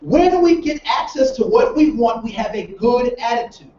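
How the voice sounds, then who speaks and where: A man with a high voice leads a training session in a roomy space. He talks like a storyteller and keeps putting rhetorical questions to his listeners. He sits back from the mic, and the sound is dull with faint noise underneath. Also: animated, moderate pace, darkish tone, distant mic. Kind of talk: training seminar talk.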